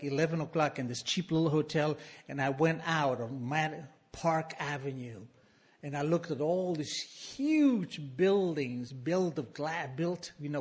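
A man's voice: a little high, husky. A middle-aged man from Argentina with an Argentine Spanish accent, telling a wry, self-mocking story to a live audience on a stage microphone.

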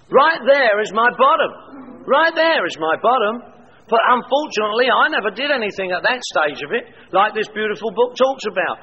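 A man's voice: high-pitched, animated, normal speed, a little hiss or hum. An older man giving an emphatic, wry recovery testimony at a meeting. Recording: echoey hall, dull lo-fi sound.

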